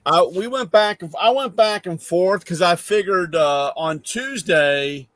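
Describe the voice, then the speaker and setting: A man in casual conversation, spinning a wry, deadpan anecdote and putting on the other people's lines as he goes. His voice sits a little high, and it is recorded close and dry with no room sound. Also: measured pace, dry recording. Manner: wry, deadpan storyteller acting out dialogue. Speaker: host. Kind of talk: casual storytelling chat.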